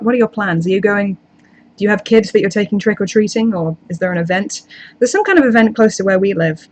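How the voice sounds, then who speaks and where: A woman YouTuber in casual live chat, answering viewer comments in a rambling, chatty way with self-deprecating asides. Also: medium pitch.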